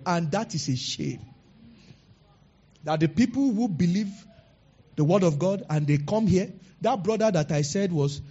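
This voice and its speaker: Animated preacher, husky voice. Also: male voice, sits high, highs cut off. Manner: animated preaching, acting out quoted people. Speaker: pastor. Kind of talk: sermon.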